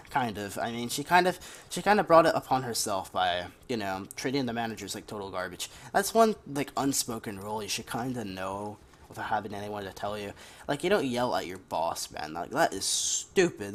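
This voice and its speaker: Tired, rambling young-sounding gamer guy. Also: mid-range voice. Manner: rambling, chatty, with off-hand gaming asides. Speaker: gaming commentator. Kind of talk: casual storytelling over gameplay.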